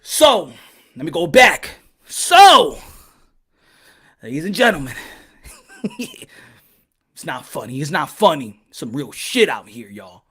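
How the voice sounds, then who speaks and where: A man's voice: a little high, very animated, slow, long pauses, a bit bright, breathy edge. A man hosting his boxing channel, delivering a rambling comedic rant full of laughter, swearing and preachy asides.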